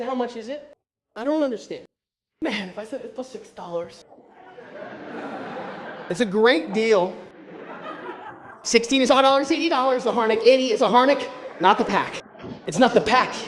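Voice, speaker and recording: A man from Brazil telling a stand-up comedy story on stage, animated and bursting into shouted exclamations. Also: sits high, slight background noise.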